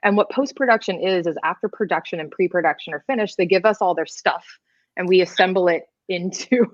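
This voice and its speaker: A Canadian-born woman, a video editor, chatting casually as a podcast guest, explaining with lots of fillers and quick laughs. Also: lowish voice, no room sound, muffled recording.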